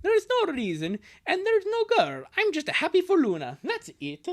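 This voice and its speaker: A woman's voice: very high-pitched, huge pitch swings, normal speed, voice pushed up, exaggerated voice. A woman voicing an awkward teenage boy. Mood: flustered. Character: teenage boy, earnest and easily flustered. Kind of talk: live fan dub reading.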